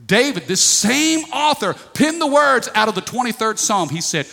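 Fortysomething guy preaching, high bright voice, big hall echo, folksy call and response. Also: sing-song, normal speed, vocal fry, hardly any pauses. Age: 40s. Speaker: pastor. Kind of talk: sermon. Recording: long reverb of a large hall.

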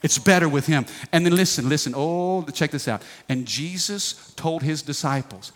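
A man's voice: a little high, moderate pace, hardly any pauses. A pastor in his forties preaching a sermon, folksy and emphatic, calling for responses from the congregation. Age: 40s. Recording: long reverb of a large hall.

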